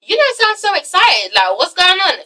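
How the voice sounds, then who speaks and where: A woman's voice: very high-pitched, big pitch swings, normal speed, sharp tone, distant mic, pitched above the performer's own voice, full character voice. Woman playing a breezy young woman. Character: young woman, nervous then defiant.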